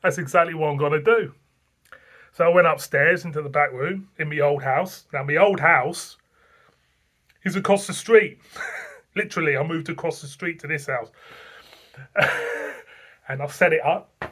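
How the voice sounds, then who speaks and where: A man with a slightly high voice tells a casual vlog story about himself. He rambles, circles back and repeats his own phrases. He sounds like an easygoing channel host chatting to his viewers. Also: moderate pace, long pauses, a bit bright. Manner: rambling, repeats himself, frequent fillers and chuckles. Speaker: beer review channel host.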